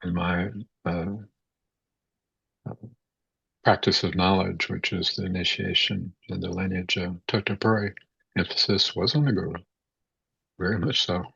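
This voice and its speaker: Deep raspy guy doing a halting spiritual talk, dry muffled lo-fi audio. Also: steady tone, bright, forceful tone, no echo. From United States. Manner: halting, many repeated words and fillers. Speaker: spiritual teacher. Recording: dull, dry, lo-fi sound.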